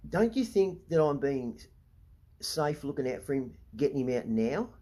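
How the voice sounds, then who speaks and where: A man's voice: fairly high pitch, very animated, moderate pace, dark tone. A middle-aged Australian man ranting to camera, blunt and profane, repeatedly asking "right?" as he talks. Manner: heated, indignant. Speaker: vlogger.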